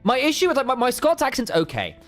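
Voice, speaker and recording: A man chats casually to viewers of a live stream during a break in the match broadcast. His pitch moves around a lot as he rambles, restarts sentences and doubles up words. Soft music plays faintly in the background. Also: wildly swooping pitch, fast. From United Kingdom. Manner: rambling, self-interrupting, repeats words. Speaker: esports co-caster.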